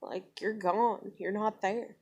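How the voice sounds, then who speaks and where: A woman's voice: medium pitch, steady tone, slow pace, darkish tone, a little hiss or hum. A young woman, telling a personal story to camera in a blunt, profane, conversational way. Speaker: vlogger.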